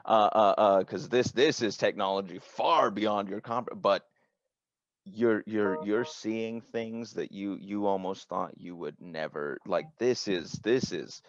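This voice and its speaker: Slow, gravelly man running a tabletop game. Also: on the low side, no room sound. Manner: slow, halting, with many restarts. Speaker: game master. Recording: dry, dull lo-fi sound.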